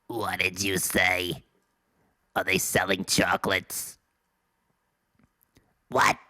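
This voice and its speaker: A man's voice: low-pitched, completely flat delivery, slow pace, bright, forceful tone, dry recording, clean studio sound, pitched below the performer's own voice, full character voice. A man voicing a forgetful, cranky old woman who mishears things. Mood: confused.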